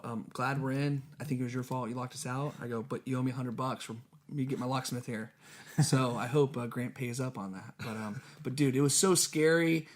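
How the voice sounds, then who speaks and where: A young man, co-host of a casual podcast, telling a story among friends and acting out the voices in it. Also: mid-range voice. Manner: animated, acts out quotes, laughs while telling.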